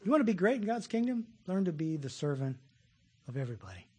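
A middle-aged man preaching a sermon as pastor, folksy and animated, telling jokes and acting out voices. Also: high-pitched, fast talker, slightly rough.

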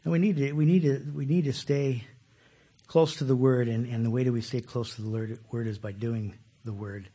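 A man preaching a conversational sermon, animated and laughing often, repeating words as he starts sentences. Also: mid-range voice, normal speed, slightly rough. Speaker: pastor.

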